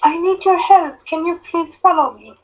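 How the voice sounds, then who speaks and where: A woman's voice: very high-pitched, steady tone, moderate pace, noisy background, pitched above the performer's own voice. A woman voicing an alluring illusory young woman who whispers coaxingly in a tabletop game.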